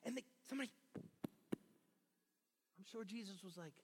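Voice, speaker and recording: A man preaching a sermon as pastor, talking emphatically and building to loud shouts. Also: sits high, measured pace, long pauses, husky. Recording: long reverb of a large hall.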